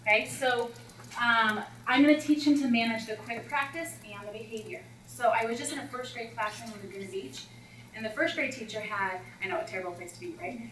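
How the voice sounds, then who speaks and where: A woman math coach talking teachers through classroom routines in a chatty, animated way, acting out scenes with students. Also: fairly high pitch, brisk, slight background noise. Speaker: math instructional coach leading a teacher workshop. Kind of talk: presenting to teachers. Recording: roomy echo, far from the mic, faint ambience.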